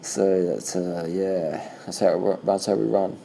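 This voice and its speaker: Gravelly low-voiced man, casual race chatter. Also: unhurried, slight background noise, poor audio. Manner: swears freely, talks in loose animated bursts. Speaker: cycling vlogger commenting on race footage. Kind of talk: casual reaction commentary.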